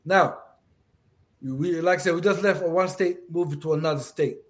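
Upbeat man interviewing, slightly high voice. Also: normal speed. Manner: encouraging, laughs often, repeats himself. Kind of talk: casual interview.

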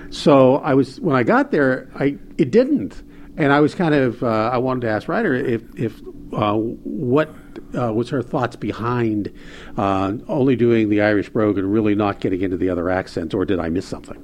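A man's voice: medium pitch, animated. Hesitant man with faint background hiss. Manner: halting, hesitant with fillers. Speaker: reader asking a question. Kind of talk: casual chat.

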